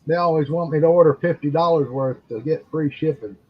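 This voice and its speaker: An older man calling into a casual chat, gruff and plain-spoken, lecturing in a matter-of-fact way. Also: on the high side, fairly quick. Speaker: caller, former police officer and gunsmith. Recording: dull lo-fi sound.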